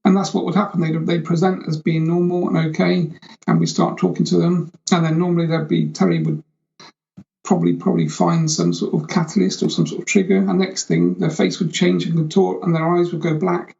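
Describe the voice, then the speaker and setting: A man, a guest being interviewed, giving measured, explanatory answers with hedging phrases. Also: sits high, flat delivery, vocal fry, a little mellow. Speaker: guest, psychic surgeon. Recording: dull lo-fi remote audio.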